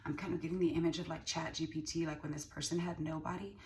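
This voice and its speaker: A woman with a low, slightly mellow voice reads tarot casually, speaking fast in a level tone. Emphatic and profane, she repeats lines often. The mic is distant, and ambient noise comes through.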